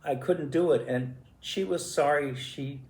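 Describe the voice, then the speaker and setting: A man in his eighties telling stories from his life in a halting, reflective and emotional way. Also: a little high, a little mellow. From US Midwest. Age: 80s. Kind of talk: personal storytelling. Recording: echoey room.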